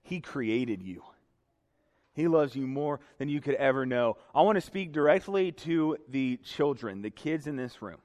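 Earnest young preacher in a reverberant hall. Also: male voice, medium pitch, expressive, a little slow, darkish tone. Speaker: pastor. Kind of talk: sermon. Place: church sanctuary.

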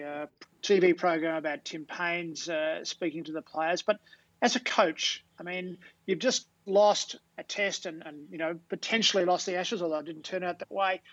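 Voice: mid-range voice, lo-fi sound. A host asking a long, hesitant question, full of ums and uhs. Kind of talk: interview questions.

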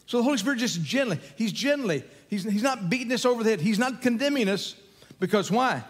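High-voiced older pastor in a reverberant hall. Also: male voice, fairly quick. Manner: conversational, folksy, animated storytelling with chuckles. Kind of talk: sermon.

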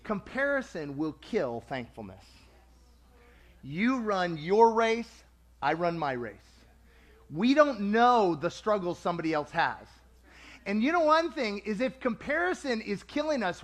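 A man with a high voice preaches a sermon to a congregation at a normal speed, lively and conversational, acting out the voices he quotes.

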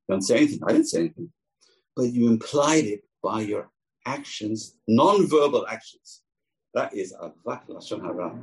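A man with a gravelly, husky voice teaches a Torah lesson. He tells it as a story and acts out the people in it with lively voices. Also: medium pitch, poor audio. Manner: animated teller, acts out quoted voices. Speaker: rabbi teaching.

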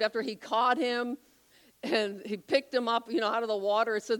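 A woman preaching a sermon, telling a Bible story with animated, acted-out voices. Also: a little high, a little fast. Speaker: pastor.

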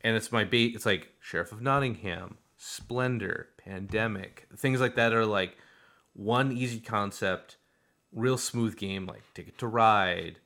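A young man with a lowish voice co-hosts a podcast in easygoing, excited chat. He talks in quick bursts, piling up fillers and restarts as he goes. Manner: animated, fast, lots of fillers. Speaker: podcast co-host. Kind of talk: casual chat.

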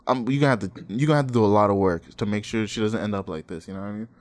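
A man's voice: lowish voice, racing, a little mellow. A man in his twenties chatting casually, telling stories in a laid-back way, swearing freely and laughing often. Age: 20s. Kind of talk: casual chat.

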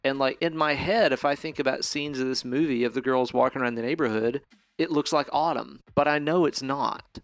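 In a casual movie review chat, a male podcast co-host talks fairly quickly in a medium-pitched voice. He's enthusiastic, rambles somewhat and swears occasionally. There's no echo.

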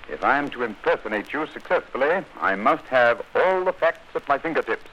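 A man as Sherlock Holmes, crisp and lively. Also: medium pitch, brisk, highs cut off, noisy background, lightly acted. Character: clever, dryly amused male detective. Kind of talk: 1940s radio acting.

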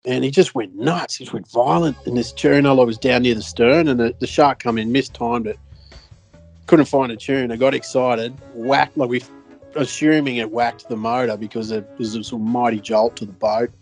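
A man's voice: medium pitch, steady tone, moderate pace, soft background music. A man with an Australian accent, co-hosting a podcast and telling a fishing story in casual chat, rambling and swearing with lots of fillers and restarts. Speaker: podcast co-host.

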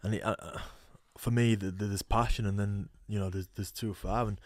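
A young man, a rugby player guest telling animated stories in a casual podcast chat. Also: on the low side, fairly quick, no room sound, studio quality. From England. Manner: storytelling, animated quoting, laughs often. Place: podcast studio.

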